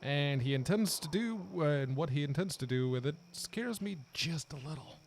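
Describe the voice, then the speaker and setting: A man's voice: animated, normal speed, a little hiss or hum. A man reading as an older worried farmer. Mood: grim. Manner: reads game dialogue aloud, plain and low-key. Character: weary older male farmer, worried and gruff.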